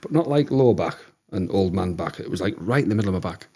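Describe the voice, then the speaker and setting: A man in his thirties with a Teesside accent, telling lively stories as a podcast guest and acting out what people said. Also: deep voice, quick pace, slightly rough. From Teesside, England. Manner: chatty, animated storyteller who acts out quotes. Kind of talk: casual storytelling chat.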